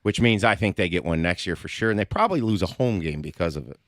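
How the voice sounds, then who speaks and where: A man's voice: sits low, expressive, fast, no echo. A man co-hosting sports talk radio in a studio, speaking casually and speculatively with lots of "like".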